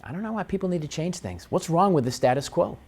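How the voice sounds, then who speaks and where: Animated punning morning show host, a man. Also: a little high, fast talker. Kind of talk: jokey morning show chat.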